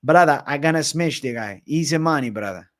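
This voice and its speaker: A man's voice: mid-range voice, moderate pace, close to an everyday voice. A man putting on a brash, cocky Dagestani fighter. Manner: broken-English boasting.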